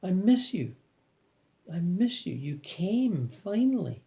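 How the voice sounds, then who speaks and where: A man voicing a wise, effusive old male spirit teacher with a Chinese accent, speaking slowly and majestically. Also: fairly high pitch, warm tone, natural voice. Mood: delighted. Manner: slow, majestic, enthusiastic.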